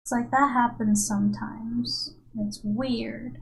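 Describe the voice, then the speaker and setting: A woman's voice: on the high side, fairly even intonation, slow, gravelly, low-quality recording. A woman streamer and comic artist in casual, rambling live-stream chat with her viewers, self-mocking and chatty.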